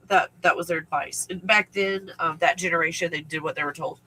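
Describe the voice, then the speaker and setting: A man with a husky, bright voice talks to his viewers in a loose, rambling monologue. He circles back on his words with fillers and restarts. His tone sits high and sharp for a man. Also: fairly even intonation, fairly quick, few pauses, low-quality recording. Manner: rambling with fillers, breaking into tearful laughter. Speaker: video host recounting memories. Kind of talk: emotional personal monologue.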